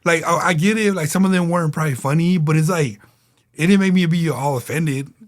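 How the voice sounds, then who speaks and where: A man's voice: on the high side, a little fast. A man co-hosting a podcast in casual, slangy chat, often acting out quotes. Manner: laid-back, slangy, often acts out quotes. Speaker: podcast co-host.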